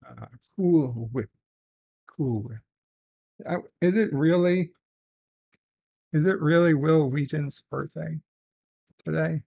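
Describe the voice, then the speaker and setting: A man hosting a casual solo livestream, reading viewer messages aloud slowly and haltingly, with restarts and muttered asides. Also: a little high, vocal fry, warm tone, breathy edge.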